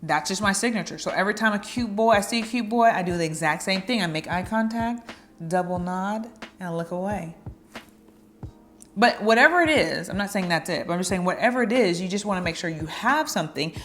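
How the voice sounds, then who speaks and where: A woman's voice: medium pitch, animated, quick pace, hardly any pauses, fairly bright tone, soft background music. A woman vlogger giving dating advice in a chatty, playful way, now and then acting out little flirty lines. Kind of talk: casual advice talk to camera.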